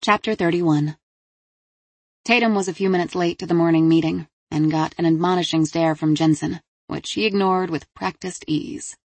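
Brief: steady female audiobook narrator, dry studio read. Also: deep voice, vocal fry, no room sound. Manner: steady, measured. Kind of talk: scripted narration.

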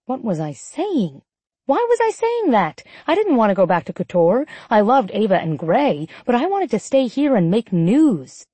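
A woman narrating a first-person romance audiobook in an expressive, sardonic inner voice, also voicing the heroine's lines. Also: mid-range voice, normal speed, slightly rough, no room sound.

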